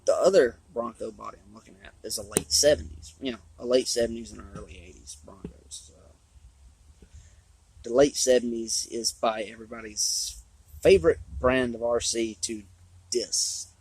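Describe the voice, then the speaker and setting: A man, chatting casually and rambling about his hobby, his voice hoarse from talking a long time. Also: medium pitch, moderate pace, a little mellow, no room sound, rough recording. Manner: rambling, drawling, with restarts. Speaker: RC hobby vlogger. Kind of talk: casual trailside chat. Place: outdoors on a trail.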